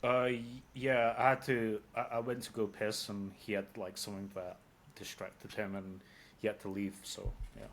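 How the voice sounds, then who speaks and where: Brief: British man from London, lowish voice, loose rambling guest with lots of "like" and swearing. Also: level tone, normal speed, fairly bright tone, slight background noise. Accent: British English. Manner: rambling, many fillers, casual swearing. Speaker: interview guest. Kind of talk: casual interview.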